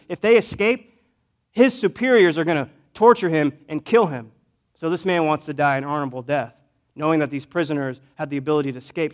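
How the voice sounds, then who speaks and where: A male pastor with a fairly high voice tells a story from the pulpit as a conversational sermon. He pushes key phrases out loudly, then drops to soft, hushed asides. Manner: conversational, swings between loud emphasis and quiet asides.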